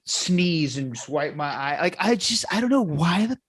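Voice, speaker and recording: A man's voice: a little high, animated, normal speed, husky, dry recording, clean studio sound. A man hosting a podcast, chatting casually and frankly about himself, swearing now and then. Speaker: podcast host. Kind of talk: casual interview chat.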